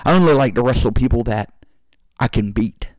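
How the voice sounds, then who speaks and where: A man's voice: medium pitch, brisk, darkish tone, no room sound, lightly acted. A man voicing a whiny older male wrestler who is a sore loser. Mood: sulky.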